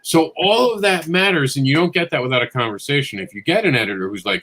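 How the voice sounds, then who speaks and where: A man's voice: medium pitch, quick pace. A man who writes comics, talking bluntly and jokingly in a casual panel chat. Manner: blunt, animated, jokey storytelling.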